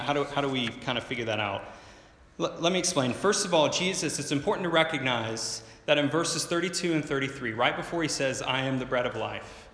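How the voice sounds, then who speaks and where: A man preaches a sermon, explaining in an earnest tone and building up to emphatic points. His voice is forceful and bright. It rings out with long reverb from a big church hall. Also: medium pitch. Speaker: pastor.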